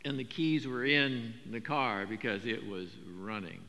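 An older man preaching a sermon, talking in a conversational, animated storytelling way with frequent repetitions. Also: medium pitch, unhurried, gravelly. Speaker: pastor. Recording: long hall reverb.

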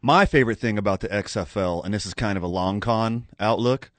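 A man co-hosting a morning sports talk radio show, playful and agreeable, quick with a quip. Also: on the low side, dry recording. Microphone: studio microphone.

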